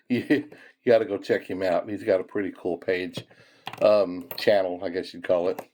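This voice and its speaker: A low-pitched man speaks in a steady tone at normal speed, his voice a little mellow with a faint hiss or hum underneath. He hosts a coin-roll hunting channel and sorts pennies while chatting casually and folksily with viewers, chuckling often and calling them folks.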